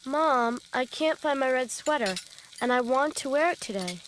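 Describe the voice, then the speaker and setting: A woman playing an eight-year-old girl in a scripted textbook dialogue with a clear, careful delivery. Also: high voice, lively intonation, moderate pace, a bit bright, a little hiss or hum. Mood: eager.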